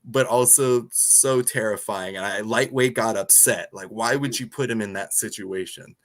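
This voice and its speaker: A man co-hosting a podcast in casual chat, excitable and amused as he talks. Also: lowish voice, moderate pace. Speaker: movie review podcast co-host.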